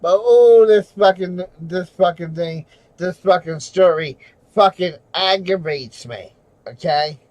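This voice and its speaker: A furious man ranting on a livestream, his voice pitched high for a man. He swears at nearly every turn and often breaks into shouting. The sound is dry and close, with almost no room in it. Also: slow pace, dry recording, poor audio. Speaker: livestreamer and auditor. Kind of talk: angry livestream rant.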